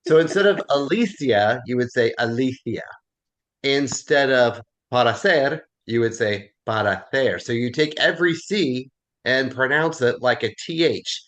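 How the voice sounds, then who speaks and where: Telling stories and laughing often, a man with a Southern accent from the American South guides a relaxed class discussion as a Bible class teacher. His animated voice is medium-pitched and moves at normal speed.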